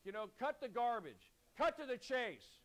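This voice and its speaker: A man preaching a sermon, urgent and exhorting, calling on the congregation to repeat lines back and clearing his throat now and then. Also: extremely high pitch, very animated, moderate pace. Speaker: pastor.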